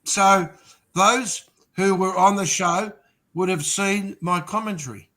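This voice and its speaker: A man co-hosts a football podcast, cracking jokes hesitantly and using many fillers in casual footy banter. His voice is high-pitched, bright and forceful, and he takes it slowly.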